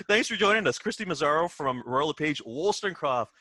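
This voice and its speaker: A man hosts a relaxed chat. His pitch swings widely and expressively, and the sound is dry and close, with no room echo. He chips in often with quick, chatty replies. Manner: chatty, frequent short backchannels. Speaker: podcast host. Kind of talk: casual interview chat.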